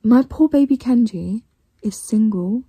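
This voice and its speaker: A woman's voice: fairly high pitch, unhurried, breathy edge, no echo. Gushing teen girl reading vlogger. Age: teens. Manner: gushing, excitable, swears, mixes soft asides with loud outbursts. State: tired, late at night. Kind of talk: casual reading vlog chat. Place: bedroom at home with a fan running.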